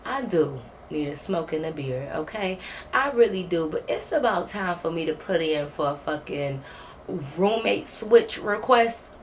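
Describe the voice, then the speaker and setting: Animated, profane woman telling a story. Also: lowish voice, measured pace, slight background noise. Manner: animated and profane, acting out quoted dialogue. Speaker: vlogger. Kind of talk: casual storytime.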